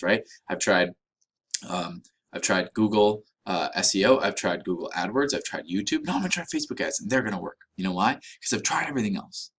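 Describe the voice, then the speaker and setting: Male online coach, a bit low-pitched, direct and emphatic, chatty lesson delivery. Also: animated, brisk, fairly bright tone, husky. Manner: emphatic, direct, keeps checking in with "right?" and "okay?". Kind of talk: casual talking-head course lesson.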